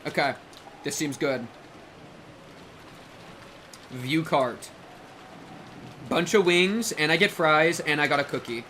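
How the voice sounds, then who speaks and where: A man in his twenties chatting casually with his stream chat, excitable and jokey, breaking into loud yelps and shouts. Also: a little high, slow pace, long pauses, slight background noise. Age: 20s.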